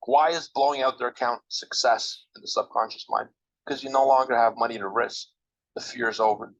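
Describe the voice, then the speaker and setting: A man's voice: medium pitch, a bit bright. Emphatic man coaching listeners, dull sound. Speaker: interviewed trader guest. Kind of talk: motivational advice in a podcast interview.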